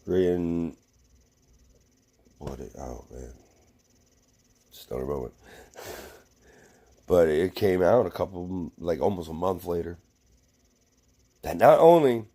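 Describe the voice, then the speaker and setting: Man, low mellow voice, rambling casual rant, profane, lots of fillers. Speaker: vlogger.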